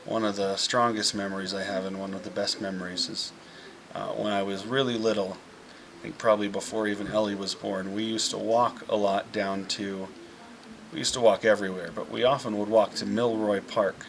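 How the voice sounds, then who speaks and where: Son recording a heartfelt message home; lowish voice, rambling fond storyteller, faint background hiss. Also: male voice, flat delivery, fairly quick, vocal fry. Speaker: eldest son sharing a memory.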